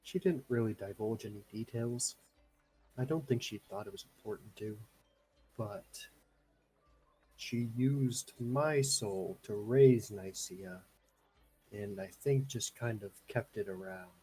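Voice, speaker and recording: A man's voice: fairly low pitch, slow, mellow, soft background music, rough recording. A man speaking as his character in a tabletop game, hesitant and wry with rambling asides. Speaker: player. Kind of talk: in-character tabletop role-play.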